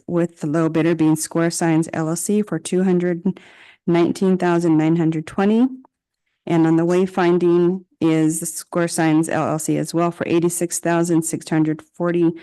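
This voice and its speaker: A woman's voice: lowish voice, mellow. A woman, a city director, giving a formal presentation at a council meeting and reading through figures and project lists steadily. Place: council chamber.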